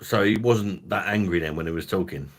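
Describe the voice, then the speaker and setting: A man's voice: deep voice, a little fast. A man hosting a casual livestream chat, rambling and swearing freely with the odd chuckle. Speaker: host.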